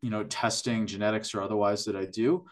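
A man's voice: on the low side, steady tone, a little fast. A man who works in functional medicine, a guest on a podcast interview, explaining at length with enthusiasm and frequent restarts.

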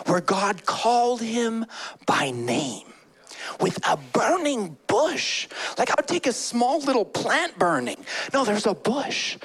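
A man's voice: high voice, a little slow, husky. A man in his thirties preaching a sermon, telling stories with animation and acting out the people in them. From Canada. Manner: animated storytelling, acts out quoted people. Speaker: pastor.

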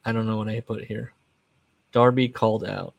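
Speaking at a moderate pace with a steady tone, a low, gravelly-voiced man hosts a podcast on his own. His talk is casual and digressive, full of asides he chuckles at, and he often trails off before restarting.

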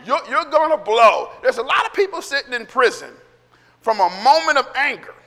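A man's voice: extremely high pitch, sing-song, normal speed, bright, forceful tone, in a large hall. A middle-aged male pastor preaching a sermon in a conversational way, acting out quotes and laughing between points.

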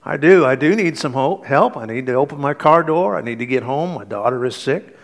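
A man's voice: mid-range voice, animated, fairly quick, natural voice. A frantic young mother stranded by her locked car, breathless and pleading for help, as a preacher acts her out. The voice lifts a little above his usual talk. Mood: anxious.

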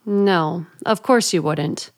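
A woman's voice: lowish voice, takes it slowly. An actress playing a firm, matter-of-fact female attendant who gives orders and reassures, in an old radio play. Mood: brisk. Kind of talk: 1940s radio acting.

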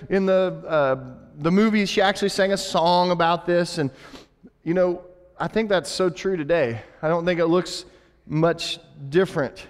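A man's voice: high-pitched, steady tone, normal speed, smooth. Man preaching in a reverberant hall. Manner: conversational, with many restarts and asides. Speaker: pastor. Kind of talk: sermon.

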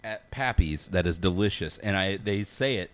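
A young man with a deep, low voice co-hosting a podcast. He talks casually and hesitantly, with fillers and half-finished thoughts. He sometimes drifts off the desk mic while he types. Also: moderate pace, a bit bright. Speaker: podcast co-host. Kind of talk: casual chat. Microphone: desk mic, not always facing it while typing.

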